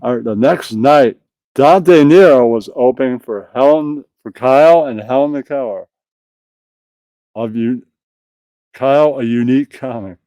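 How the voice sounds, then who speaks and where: A man's voice: medium pitch, unhurried, mellow, no room sound, clean studio sound. Profane man reading crude jokes. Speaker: comedian.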